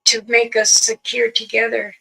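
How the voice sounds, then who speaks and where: A woman storyteller with a gravelly, fairly high voice and a bright tone. She speaks very slowly, in short halting phrases with long pauses. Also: completely flat delivery, poor audio. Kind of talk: slow first-person spoken storytelling.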